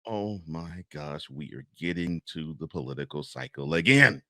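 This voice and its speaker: A man's voice: a bass voice, lively intonation, moderate pace, bright, forceful tone, no room sound, clean studio sound. Sarcastic man reading news aloud. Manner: sarcastic asides while reading headlines. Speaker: podcast co-host. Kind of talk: casual political chat, reading news.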